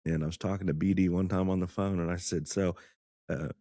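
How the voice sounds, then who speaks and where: A man's voice: sits low, fairly even intonation, fairly quick, mellow, no room sound, clean studio sound. A man in his sixties, a former attorney turned teacher, chatting as a podcast guest and telling stories with frequent laughs. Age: 60s. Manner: chatty storyteller who laughs often. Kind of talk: casual podcast conversation.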